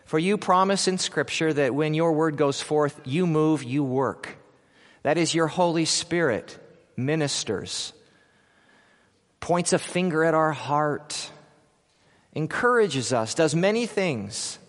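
A male pastor giving an Easter sermon, telling a story dramatically, swinging between loud declaiming and quiet moments. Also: fairly high pitch, lively intonation, slow pace, in a large hall. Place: church.

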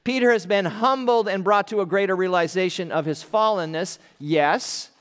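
A male pastor preaching an earnest, emphatic sermon, slowing down to stress key phrases and dropping his voice for weight. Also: high-pitched, fairly bright tone, clean tone. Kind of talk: expository sermon. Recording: long reverb of a large hall.

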